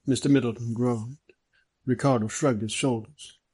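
Husky guy reading a novel, measured, dry close sound. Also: medium pitch, fairly even intonation, darkish tone, dry recording, rough recording. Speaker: audiobook narrator. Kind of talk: scripted narration.

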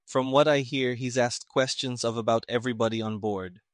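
A short-tempered army colonel, put on by a man, gruff and snorting in a storybook reading. He sounds cross with everyone around him. The recording is dry and close. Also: mid-range voice, fairly even intonation, normal speed, dry recording, close to an everyday voice. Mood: irritated.

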